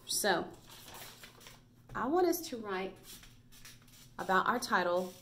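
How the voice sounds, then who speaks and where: A woman's voice: mid-range voice, very animated, takes it slowly, fairly bright tone, a little hiss or hum. A woman teaching a recorded reading lesson to first graders, patient and praising as she spells out letters.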